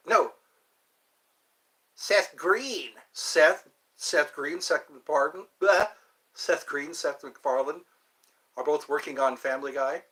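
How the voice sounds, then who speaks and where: Chatty, rambling man with a bright voice. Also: fairly high pitch, unhurried, long pauses. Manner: rambling, chatty, thinks aloud and digresses. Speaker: host. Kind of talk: casual livestream chat.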